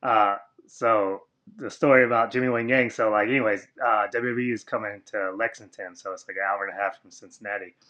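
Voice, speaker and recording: A man's voice: fairly even intonation, brisk, dull audio. Rambling man telling a story. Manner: rambling, filler-heavy, acts out quoted voices high and loud. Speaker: podcast guest, former wrestler. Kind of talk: casual storytelling interview.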